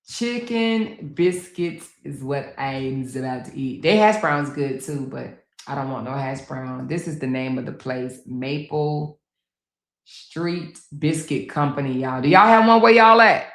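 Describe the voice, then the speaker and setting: A woman's voice: very deep voice, slow pace. A middle-aged woman hosting a casual livestream, chatty and exclamatory, talking straight to her viewers from home. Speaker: livestream host. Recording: roomy echo.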